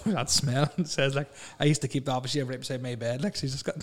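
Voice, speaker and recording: A man's voice: medium pitch, fairly even intonation, fast talker. A young man in casual chat, rambling through stories, laughing often and swearing freely.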